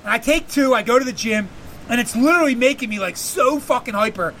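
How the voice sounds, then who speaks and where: A man's voice: very high voice, animated, quick pace, a bit bright, slight background noise. A man hosting a podcast, telling a long profane story in a rambling casual way and laughing often. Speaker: podcast host.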